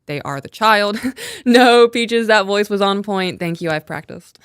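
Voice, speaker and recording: A woman's voice: medium pitch, measured pace, smooth, no echo, studio quality. A woman co-hosting a live stream, casually breaking down a true-crime case and reading quotes aloud. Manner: reads quotes aloud, animated retelling. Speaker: podcast co-host.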